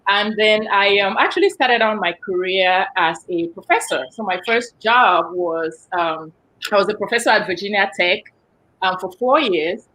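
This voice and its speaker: A woman guest on a talk show, speaking with a cold and a cough drop in her mouth, explaining her background in an animated way. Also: mid-range voice, moderate pace, low-quality recording. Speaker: guest, business director. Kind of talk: panel discussion.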